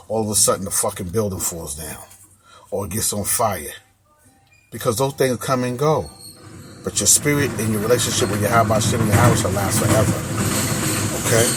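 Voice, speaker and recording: An American man with a fairly low voice preaches an informal sermon in casual street speech. He reads scripture and repeats key phrases for emphasis.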